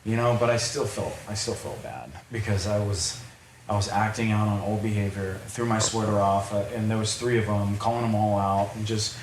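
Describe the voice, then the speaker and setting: A man's voice: on the low side, fairly even intonation, moderate pace, a little hiss or hum. A man, a podcast guest, telling a personal story in a rambling way, repeating words and restarting sentences. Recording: roomy echo, faint ambience.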